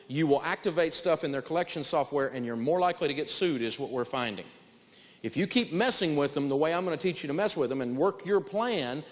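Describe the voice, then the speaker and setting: A man lectures on handling debt in a blunt, emphatic, folksy way. His voice sits slightly high for a man. The sound rings with the long reverb of a large hall. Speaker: personal finance teacher. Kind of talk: lecturing an audience.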